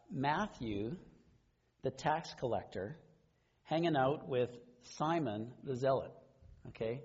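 Husky-voiced man preaching a casual sermon. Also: mid-range voice, dull audio. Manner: conversational, with quiet asides and laughs. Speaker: pastor.

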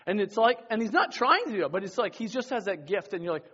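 Husky-voiced man preaching casually. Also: sits high, sing-song, fast talker, bright, forceful tone, muffled recording. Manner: rambling and conversational, with many restarts and acted-out quotes. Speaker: youth pastor. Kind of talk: casual sermon.

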